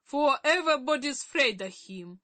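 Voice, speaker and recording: A woman's voice: high-pitched, lively intonation, normal speed, sharp tone, no echo, voice pushed up. A woman reading an audiobook, voicing an easygoing old sailor. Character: old sailor man, calm and friendly.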